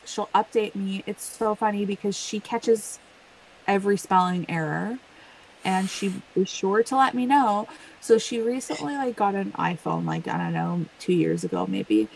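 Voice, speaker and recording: A woman from Canada, an author being interviewed, telling lively family stories in casual chat. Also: medium pitch, vocal fry, a little hiss or hum, rough recording. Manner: animated storytelling with frequent laughs. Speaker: author guest. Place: home, on a yoga wall.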